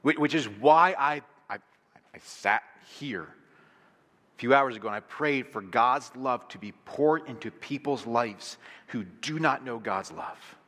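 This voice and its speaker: Bright-voiced man preaching in a hall. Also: mid-range voice, a little slow. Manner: conversational preaching with rhetorical questions. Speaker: pastor. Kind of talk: sermon. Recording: long reverb of a large hall.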